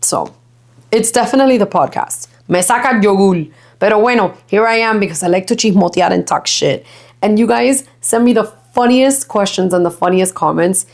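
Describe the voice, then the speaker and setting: Young woman podcast host from Miami, mid-range pitch, casual, foul-mouthed, giggly. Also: normal speed, gravelly. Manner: chatty, swears freely, laughs often, mixes Spanish. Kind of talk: casual chat.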